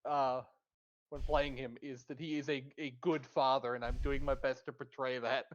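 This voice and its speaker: A man playing in a tabletop game, chatting casually in an animated, rambling way with frequent self-corrections. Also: mid-range voice, normal speed. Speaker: player.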